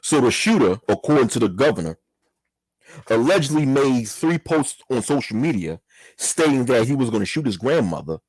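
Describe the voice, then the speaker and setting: Guy reading news on his channel, stops to comment and cuss a little, kinda husky, dry close sound. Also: medium pitch, very animated, normal speed, darkish tone, no room sound. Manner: reads then comments, mild cursing, apologetic asides. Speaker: host reading news articles. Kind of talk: casual commentary while reading aloud.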